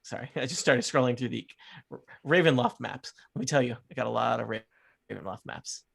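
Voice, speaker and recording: A man's voice: mid-range voice, brisk, gravelly, a bit bright, husky. A man running a tabletop game as game master, chatty and laughing often.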